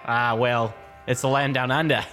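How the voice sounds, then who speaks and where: A man's voice: medium pitch, steady tone, normal speed, a bit bright, soft background music, voice pushed down, lightly acted. A man voicing a menacing male bar owner in a put-on Australian accent, stalling with fillers as he makes up drinks. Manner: threatening, stalls with fillers while inventing drinks.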